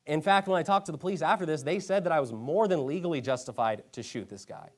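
A man's voice: a little high, fast. A man preaching a sermon to a congregation, telling a story with emphatic rhetorical questions. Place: church hall.

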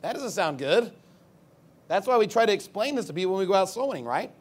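A man's voice: high voice, very animated, fast talker. A male pastor preaching a sermon off the cuff. He rambles at times and turns emphatic when he reads scripture.

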